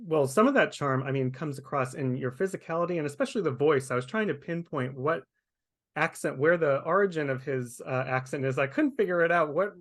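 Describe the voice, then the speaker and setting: A man's voice: a little high, brisk. A man hosting a webchat interview over a video call, asking curious, conversational questions. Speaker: interview host.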